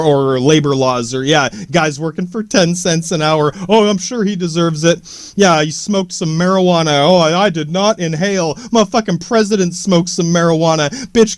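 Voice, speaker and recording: High-voiced, profane ranting man. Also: no room sound, studio quality. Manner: profane, rambling, many restarts. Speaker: podcast host. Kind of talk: rambling podcast rant.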